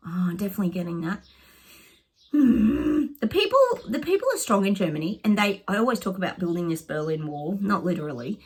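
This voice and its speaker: A woman with a lowish, husky voice chats to her viewers as a psychic, reading oracle cards. She sounds excitable and conversational and keeps calling her audience "guys". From Australia. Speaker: psychic vlogger. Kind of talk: casual oracle card reading to camera.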